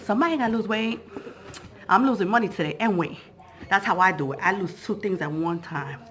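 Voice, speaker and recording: A woman's voice: medium pitch, fairly quick. A woman hosting a family vlog giveaway, playful and bubbly, laughing often and a bit out of breath.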